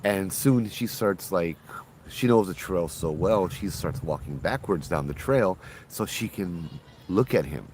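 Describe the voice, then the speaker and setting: A man casually telling a local ghost story outdoors, chatty and relaxed, acting out the voices of the people in it. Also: sits low, unhurried, a little hiss or hum.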